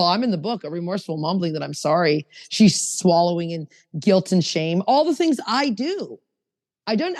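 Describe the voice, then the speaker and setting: A woman's voice: on the low side, dry recording, big-room sound. A woman co-hosting a recovery podcast, telling stories in casual chat and acting out what others said. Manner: animated storytelling with acted quotes. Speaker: podcast co-host.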